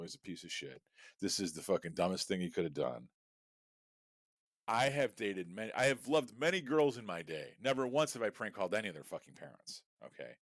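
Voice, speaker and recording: A man's voice: lowish voice, fairly bright tone, no room sound, clean studio sound. A middle-aged man co-hosting a podcast, telling a story in a profane, exasperated rant. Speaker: podcast co-host. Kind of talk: casual storytelling chat.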